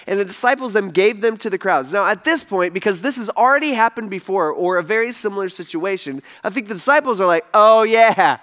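A young adult man preaching a casual sermon, retelling a story in a conversational, animated way. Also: sits high. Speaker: pastor.

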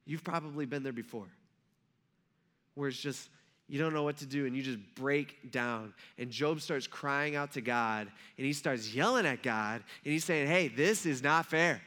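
A man's voice: mid-range voice, normal speed, fairly bright tone. A man preaching a sermon, retelling a scripture story in a conversational way with rhetorical asides to the listeners. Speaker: pastor.

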